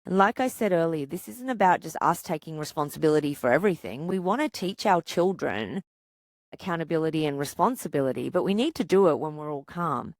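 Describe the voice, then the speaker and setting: Calm lower-pitched woman talking parents thru it, podcast style, dry room. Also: brisk, no echo. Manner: calm, coaching, asks rhetorical questions. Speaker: psychologist, podcast host. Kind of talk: podcast monologue giving parenting advice.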